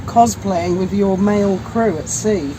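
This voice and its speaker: A woman's voice: mid-range voice, a little slow. A woman interviewing a friend in a casual chat, teasing him and laughing often. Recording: loud background noise.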